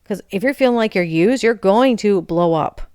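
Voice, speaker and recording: A woman's voice: mid-range voice, expressive, normal speed, a little mellow, smooth, no room sound, studio quality. Candid woman venting on her podcast. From Michigan, USA. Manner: candid, frustrated, confessional. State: emotionally raw. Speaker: podcast host. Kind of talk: casual personal monologue.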